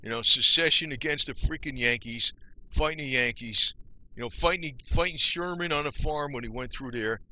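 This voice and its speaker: A man's voice: mid-range voice, moderate pace, sharp tone. An older man from New Jersey, talking to the camera in a loose, rambling rant full of "you know.". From Northeast New Jersey. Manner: rambling, folksy, swears mildly, asks "you know?" often. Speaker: vlogger.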